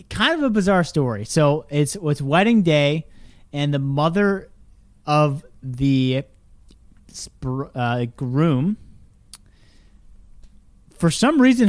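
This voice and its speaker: A man's voice: a little high, no room sound. A young man co-hosting a comedy podcast, retelling stories and riffing goofily. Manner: storytelling, goofy riffing. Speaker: podcast co-host. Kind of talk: casual comedic chat.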